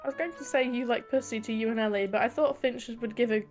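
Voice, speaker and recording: A woman's voice: on the high side, soft background music. A young British woman hosting a stream, reading posts aloud and chatting casually, swearing freely. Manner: swears a lot, talks fast when excited. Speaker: streamer host.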